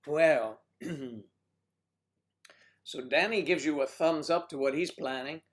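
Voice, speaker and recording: A man's voice: on the high side, takes it slowly. A man hosts a casual livestream and reads viewer comments aloud. He chats in a teasing way and calls his viewers sweetie and honey. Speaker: livestream host reading chat.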